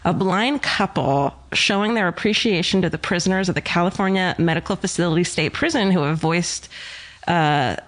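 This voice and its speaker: A woman's voice: fairly low pitch, normal speed. A woman co-hosting a podcast, telling stories in casual chat, laughing and swearing freely. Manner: swearing, laughing, animated storyteller. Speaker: podcast co-host.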